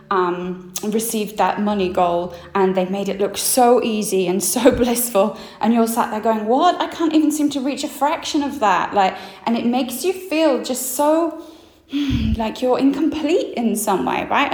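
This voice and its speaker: A woman hosting a solo mindset podcast, acting out her inner thoughts with lively shifts of voice. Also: medium pitch, a little slow. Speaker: podcast host. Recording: roomy echo.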